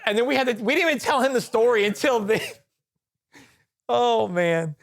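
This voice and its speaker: A man co-hosting a podcast, telling stories in casual chat, animated and laughing often, with frequent restarts. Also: extremely high pitch, fairly quick, creaky. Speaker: podcast co-host. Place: podcast recording room.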